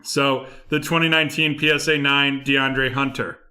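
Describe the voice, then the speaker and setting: A man's voice: medium pitch, level tone, normal speed, bright, forceful tone. A young man hosting a live card break stream, rattling off card names and the buyers they go to.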